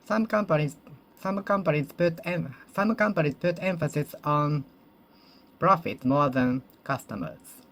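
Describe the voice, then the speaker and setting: Brief: native Japanese English learner, solo practice monologue, careful restarts and rephrasings, mid-pitched voice. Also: a bit bright. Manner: repeats and rephrases each sentence, self-correcting; slow, careful, deliberate.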